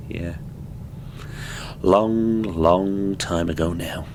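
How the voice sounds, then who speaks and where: A man playing a grown son who recounts his childhood in a halting, subdued way. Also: low-pitched, darkish tone, a little hiss or hum, heavily acted. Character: weary grown son of abused mother.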